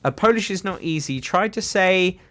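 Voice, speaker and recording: A man's voice: sits high, animated, normal speed, fairly bright tone. A young man chatting casually on a livestream, reading viewer comments aloud, rambling with lots of fillers. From England. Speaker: livestream host. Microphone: desk microphone.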